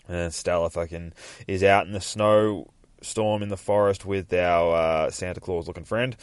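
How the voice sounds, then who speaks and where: Aussie bloke recapping a comic, swears a lot, rambles, low voice. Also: male voice, fairly even intonation, moderate pace, smooth, no echo, studio quality. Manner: profane, rambling, jokey. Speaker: podcast host. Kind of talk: casual comic book retelling.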